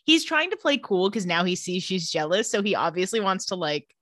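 A woman co-hosting a casual podcast, recapping a TV episode and acting out the characters' lines with shifting pitch and frequent laughter. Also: brisk, dry recording. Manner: animated, acts out quotes with shifting pitch, laughs often. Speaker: podcast co-host recapping a TV show. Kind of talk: casual chat.

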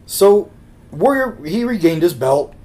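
A man's voice: high voice, sing-song, a little slow, a little mellow. A man co-hosting a podcast who tells rambling anecdotes in casual chat and acts out the quotes. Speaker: podcast co-host.

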